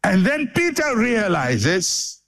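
A man's voice: high voice, huge pitch swings, takes it slowly, fairly bright tone. A man preaching a sermon with dramatic emphasis and repeated phrases for effect.

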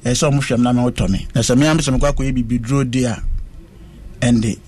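A man recounting a personal ordeal in conversation, speaking slowly and earnestly. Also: medium pitch, fairly even intonation, a little mellow, breathy edge. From West Africa. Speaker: interviewee.

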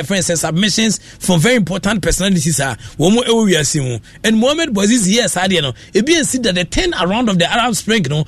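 A man's voice: high-pitched, dry recording. A Ghanaian man hosting a radio show, giving rambling casual commentary that mixes Akan and English.

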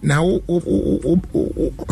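A man hosting a radio call-in show, giving callers measured advice. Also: fairly high pitch. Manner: advising, measured.

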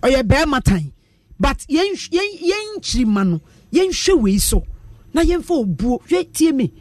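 Ghanaian male radio co-host: very high, lively voice, preachy and animated, dry sound a step from the mic. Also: measured pace, dry recording, recorded from a distance. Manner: animated, preachy, sings snatches of hymns. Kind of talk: casual radio banter.

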